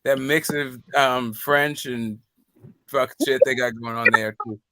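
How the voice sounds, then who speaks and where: A man's voice: medium pitch, steady tone, measured pace, bright, forceful tone, a little hiss or hum. A man in casual, profane group chat who laughs often.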